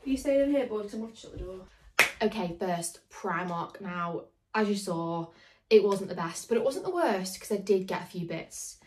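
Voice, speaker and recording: A young woman with a medium-pitched, lively voice chats at a moderate pace in a casual vlog, dropping "like" and "literally" constantly. It starts outdoors on a dog walk and then moves inside her home, and the recording is very noisy.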